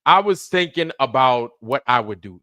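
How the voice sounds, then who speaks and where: A man's voice: mid-range voice, expressive, normal speed, bright, forceful tone, no room sound, studio quality. Fired-up, profane man ranting on stream. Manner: profane, fired-up, emphatic, repeats himself. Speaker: livestream host. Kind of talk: heated ranting commentary.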